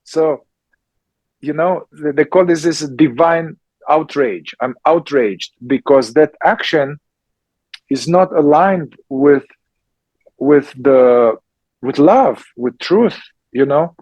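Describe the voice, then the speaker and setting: Guy, therapist type, talks real slow and emphatic, kinda high voice, dry close sound. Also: darkish tone, no room sound, low-quality recording. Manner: slow, emphatic, checks in with repeated "yeah?". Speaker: somatic psychotherapist and teacher. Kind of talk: conversational talk answering questions.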